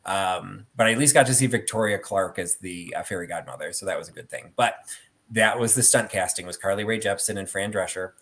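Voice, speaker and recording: A man's voice: sits low, fairly quick, fairly bright tone. A middle-aged man hosting a casual chat about theatre collectibles, telling stories with many fillers. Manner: rambling storyteller with many fillers. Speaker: host.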